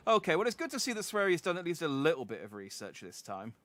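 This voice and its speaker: Bright, animated streamer. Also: male voice, a little high, quick pace, slight background noise. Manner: animated, reads dialogue aloud and tries out accents. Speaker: game streamer. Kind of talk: casual gameplay commentary.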